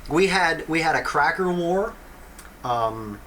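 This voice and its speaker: A man in his thirties, a podcast host, telling a long story in an animated, casual way and swearing freely. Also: a little high, slow pace, a little hiss or hum, poor audio.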